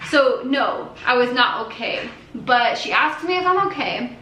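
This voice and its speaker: A young woman, a family vlogger, tells her viewers a personal story in a casual, earnest way, with lots of fillers and restarts. Her voice sits high, with lively intonation, an unhurried pace and a sharp tone. The room is echoey, with faint ambience and slight background noise.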